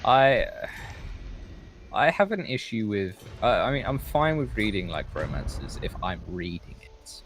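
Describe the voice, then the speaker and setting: A man's voice: on the low side, sing-song, measured pace, over music. A man chatting casually as co-host of a game let's play, easygoing, laughing along and giving short replies. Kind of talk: casual gaming chat.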